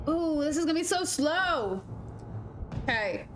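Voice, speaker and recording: A woman streamer giving casual gameplay commentary, blurting excited exclamations and mild curses as she plays. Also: sits high, a little slow, long pauses, rough recording. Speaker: gaming streamer. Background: game music.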